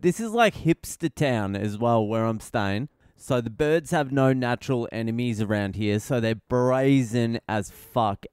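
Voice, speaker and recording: A man's voice: medium pitch, darkish tone, clear, resonant tone, no room sound, studio quality. A middle-aged Australian man, a comedian hosting his podcast, telling a story in a profane, ranting style. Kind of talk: casual comedic monologue.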